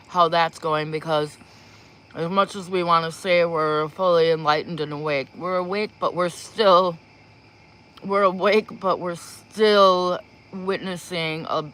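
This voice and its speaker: Before giving spiritual readings, a woman chats casually on a livestream, rambling, giggling and talking slowly into a propped-up phone in a small room. Her voice sits low and a bit bright, with a little hiss or hum in the audio.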